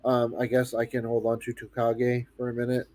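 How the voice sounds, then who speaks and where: A man playing in an online tabletop game, apologetic and quick to say sorry. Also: mid-range voice, completely flat delivery, a little mellow. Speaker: player. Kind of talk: casual chat during a tabletop game.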